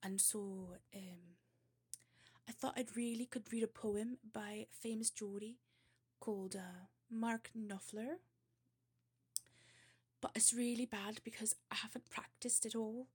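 A woman's voice: on the high side, steady tone, unhurried, long pauses, darkish tone, slightly rough. A woman chatting casually and rambling in a self-deprecating way before and after a reading. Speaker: amateur reader. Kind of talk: casual chat.

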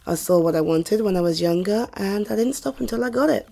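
A woman's voice: medium pitch, animated, creaky, warm tone, soft background music. A woman, acting a confident, wealthy mother who teases and flirts in a listener-directed audio role-play. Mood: playful, bossy. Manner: teasing, self-assured, slow and playful.

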